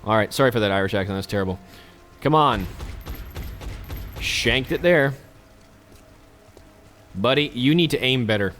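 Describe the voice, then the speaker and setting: Male let's-play host, mid-pitched, casual and chatty, cracks jokes to viewers while he plays. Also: normal speed, long pauses, a bit bright. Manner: chatty, joking asides to viewers. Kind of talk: casual gameplay commentary.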